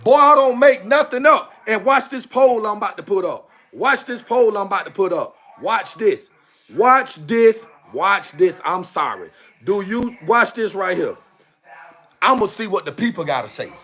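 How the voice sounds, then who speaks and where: A man holding forth on a livestream, his voice pitched high and swinging all over. He talks in a heated, emphatic way and drives each point home by repeating it. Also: animated, moderate pace, pushed and bright. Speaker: live streamer. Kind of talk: casual livestream rant.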